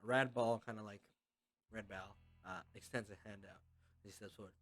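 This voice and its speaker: A man's voice: fairly low pitch, steady tone, moderate pace, fairly bright tone. A man narrating as game master in a loose, casual way with lots of fillers.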